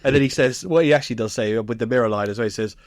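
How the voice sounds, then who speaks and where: A man co-hosting a podcast, chatting loosely about a sitcom. He retells scenes with lots of laughter and the odd swear word. His voice sits at a middling pitch, and the sound is close and dry, with no room around it. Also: very fast, no echo. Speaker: podcast co-host. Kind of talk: casual chat recapping a sitcom.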